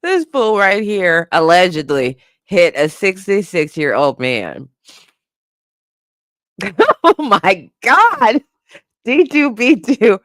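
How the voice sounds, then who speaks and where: A woman's voice: medium pitch, slow, no echo, clean studio sound. A woman hosting a casual commentary stream, reading chat comments and laughing often as she reacts. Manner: laughing often, animated, lively. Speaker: host.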